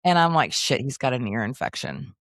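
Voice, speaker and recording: A middle-aged woman from the Kansas City area co-hosts a casual podcast. She tells stories in an animated way, leaping up in pitch to play her kids and friends. The sound is dry and close to the mic. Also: a little fast, dry recording. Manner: animated storyteller, acts out quotes with big pitch jumps. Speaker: podcast co-host. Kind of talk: casual chat.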